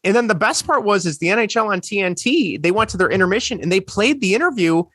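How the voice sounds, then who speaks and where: A man, co-hosting a sports podcast, telling a story with animated energy and acting out quotes. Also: high-pitched, fast talker, dry recording, clean studio sound. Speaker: podcast co-host. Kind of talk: casual sports chat.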